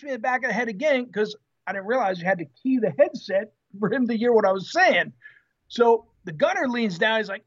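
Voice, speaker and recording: A former Marine telling an animated story in an interview, acting out the quotes with salty language. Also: male voice, high voice, fast talker, dull audio. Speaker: guest, former Marine tank driver.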